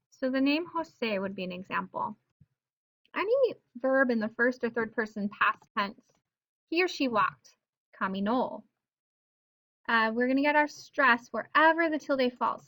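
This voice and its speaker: Upbeat bright-voiced woman teaching Spanish. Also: on the high side. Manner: upbeat, sounds out words slowly with emphasis. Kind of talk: explaining pronunciation rules to camera.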